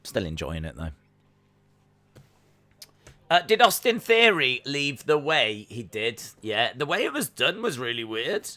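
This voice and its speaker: A man's voice: mid-range voice, wildly swooping pitch, unhurried, pauses often, pushed and bright. A man chatting his way through a live watch-along. He talks in a jokey, rambling way. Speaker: streamer reacting to wrestling.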